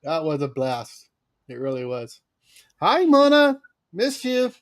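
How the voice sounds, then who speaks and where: A man's voice: on the high side, very animated, takes it slowly. A man co-hosting a casual livestream chat, cheerfully greeting viewers by name. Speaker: livestream co-host.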